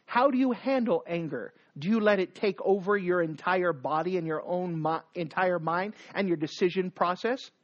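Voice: medium pitch, moderate pace, few pauses, lo-fi sound. A preacher giving a sermon, exhorting the listeners with repeated commands and rhetorical questions.

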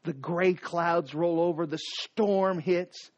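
A man preaching a sermon, retelling the passage with dramatic, animated storytelling. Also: fairly high pitch, takes it slowly, highs cut off. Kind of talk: expository sermon.

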